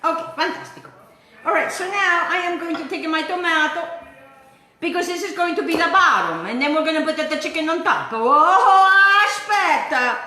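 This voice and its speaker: Bright chatty Italian woman cooking. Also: very high-pitched, lively intonation, fairly quick, echoey room. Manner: chatty, playful, talks to viewers while cooking. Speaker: cooking show host. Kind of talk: casual cooking demonstration. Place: home kitchen.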